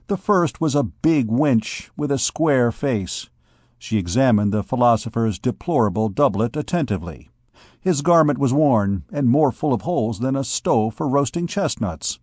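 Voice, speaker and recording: A man reading a classic novel aloud as an audiobook narrator, measured and deliberate. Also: mid-range voice, animated, a little mellow, dry recording, clean studio sound. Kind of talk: scripted narration.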